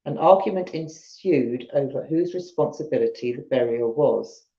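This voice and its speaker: On a live stream from her sofa at home, a woman with a Southern English accent reads ghost stories aloud and chats with viewers between them. Her voice is rumbling low, warm and expressive, at a moderate pace. The stream audio is roomy, dull and lo-fi.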